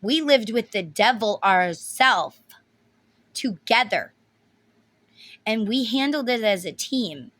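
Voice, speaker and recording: Woman tarot reader, casual, blunt and emotional, swears a lot, bright edgy tone. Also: a little high, lively intonation, slow, long pauses, dry recording. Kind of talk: casual tarot reading video.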